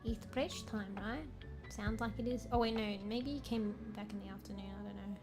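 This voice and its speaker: A woman's voice: medium pitch, normal speed. A tired woman streamer chatting with her viewers in a rambling, playful way, often correcting herself. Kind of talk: casual chat with viewers. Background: game music.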